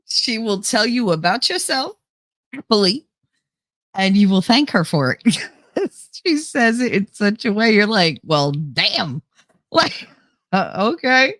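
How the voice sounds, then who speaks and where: A middle-aged woman hosts a casual livestream in a mid-range, fairly bright voice, chatting with viewers, reading their comments, laughing often and swearing freely. The sound is clean studio quality with no echo.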